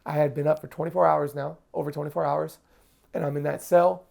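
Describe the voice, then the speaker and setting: Gravelly man telling his story. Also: on the high side, flat delivery, fairly quick, a little mellow. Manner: vivid storyteller acting out other people's lines. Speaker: interview guest. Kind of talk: casual storytelling in an interview.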